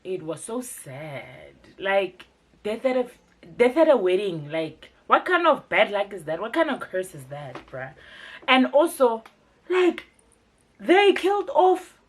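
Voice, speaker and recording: A woman's voice: medium pitch, very animated, slow, breathy edge. A South African woman hosting a casual, chatty TV recap vlog, mixing local words into her commentary. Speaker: TV review vlogger.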